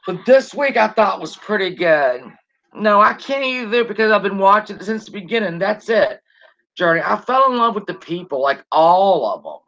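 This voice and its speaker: A middle-aged woman hosting a casual live stream, chatting warmly and greeting viewers by name. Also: mid-range voice, animated, normal speed. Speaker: livestream host. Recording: dull lo-fi stream audio.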